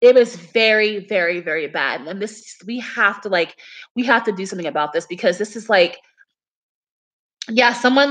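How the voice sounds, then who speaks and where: A woman's voice: medium pitch, bright, forceful tone. A young woman chatting casually on a livestream, telling a story in a rambling way full of fillers. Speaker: livestream host.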